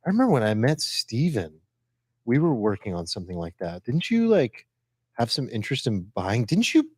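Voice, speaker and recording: Relaxed man hosting a podcast. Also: mid-range voice, moderate pace, breathy edge, no echo, studio quality. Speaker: podcast host. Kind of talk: casual chat.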